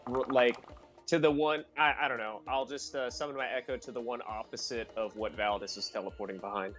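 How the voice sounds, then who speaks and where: Male tabletop player, mid-pitched voice, unsure and trailing off. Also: steady tone, brisk, fairly bright tone, faint music behind. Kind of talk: casual chat in a tabletop game.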